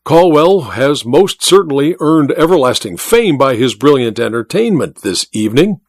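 A man's voice: on the high side, very animated, moderate pace, dry recording, clean studio sound. A man voicing a boisterous, wealthy male mining magnate who banters and boasts heartily in a storybook reading. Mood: jovial.

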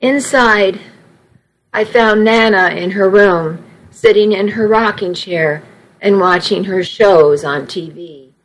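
A woman narrating a first-person story in an earnest, expressive way. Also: mid-range voice, takes it slowly, low-quality recording.

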